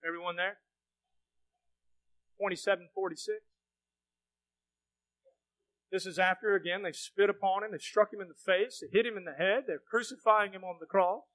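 High, bright-voiced preacher man. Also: fairly even intonation, brisk, low-quality recording. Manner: swings from hushed to shouting; asks the congregation questions. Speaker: pastor. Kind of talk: sermon.

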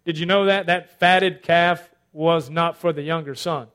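A male pastor preaching a sermon, swinging between loud emphatic lines and hushed asides. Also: a little high, fairly even intonation, a little slow, clean tone.

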